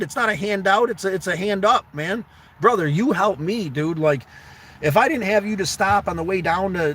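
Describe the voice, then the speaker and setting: A man with a somewhat higher voice talks earnestly and pleadingly, swearing freely and filling his talk with "man" and "dude". He sits a little back from the mic. Faint vehicle noise hums in the background. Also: fairly bright tone, far from the mic. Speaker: livestream host. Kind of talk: casual heartfelt livestream talk.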